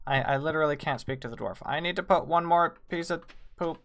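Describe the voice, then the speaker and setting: A woman streams a game live, chatting with her viewers and reading and answering chat as she plays. She's excitable and lets out quick bursts of high squeals, with faint game music behind her.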